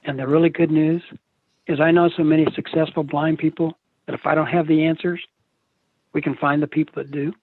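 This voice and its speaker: A man's voice: a little high, flat delivery, a little fast. An older man giving a live motivational seminar over a video call, telling stories in a folksy, joking way. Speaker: motivational speaker. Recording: tinny, dry video call audio.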